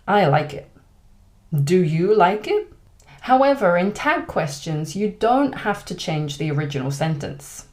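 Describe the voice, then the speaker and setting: British woman, English teacher, animated pitch, clear deliberate delivery. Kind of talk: online language lesson.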